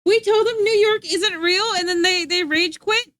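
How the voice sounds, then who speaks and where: A woman's voice: very high-pitched, normal speed, a bit bright, no room sound. A young woman streaming live, chatting casually with her viewers, giggling and rambling as she reads the chat.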